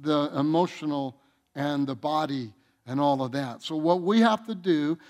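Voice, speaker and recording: A male pastor delivering a sermon in church, preaching with passion, building to loud emphatic runs and repeating phrases. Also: on the high side, normal speed.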